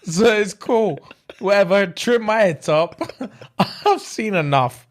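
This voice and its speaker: A young man with a British accent spins a funny story for a podcast, his pitch sitting fairly high and leaping around as he goes. His talk is loose, full of slang and frequent laughter. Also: slow. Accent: British English. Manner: animated, laughs often through a comic story, uses street slang. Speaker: podcast co-host. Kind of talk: casual storytelling chat.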